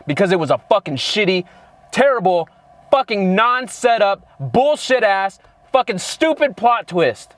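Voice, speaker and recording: Guy with a high-ish voice venting about a movie, cussing nonstop, sarcastic. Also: fairly bright tone, no room sound. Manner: heavily profane, exasperated, sarcastic. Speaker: movie reviewer, channel co-host. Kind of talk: casual ranting review.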